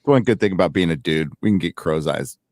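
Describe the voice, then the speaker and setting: A man co-hosting a casual podcast, trading mocking, quick-witted comments about a clip. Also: sits low, animated, darkish tone, no room sound, studio quality. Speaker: podcast co-host. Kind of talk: casual reaction chat.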